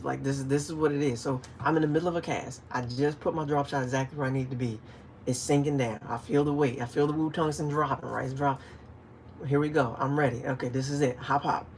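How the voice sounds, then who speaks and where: A man hosts a relaxed fishing livestream, talking straight to his viewers in an easygoing way. He tells his stories with animation and sometimes bursts out with loud, acted shouts. A faint hiss of noise sits under his voice. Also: medium pitch. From DC, Maryland, Virginia area. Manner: animated storytelling, acts out shouted calls. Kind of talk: casual livestream chat, reading viewer comments.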